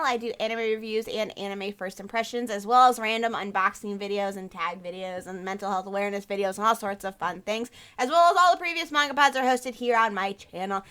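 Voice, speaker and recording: A bubbly woman host chatting on a casual podcast, her voice high and strikingly bright. She laughs easily and cheers her guests on, recorded at home over a call. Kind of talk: casual chat.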